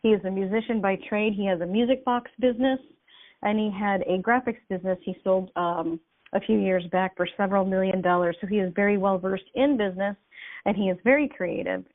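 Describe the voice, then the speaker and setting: A woman's voice: mid-range voice, a little fast, phone-quality sound. A woman co-hosting a call, earnestly reading a prepared introduction of the host. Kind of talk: scripted-sounding introduction.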